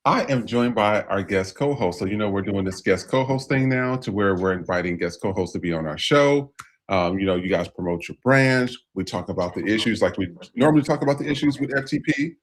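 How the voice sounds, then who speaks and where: A man hosting a podcast, welcoming a guest co-host with relaxed, upbeat banter. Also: on the low side, brisk, a little hiss or hum. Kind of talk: casual podcast chat.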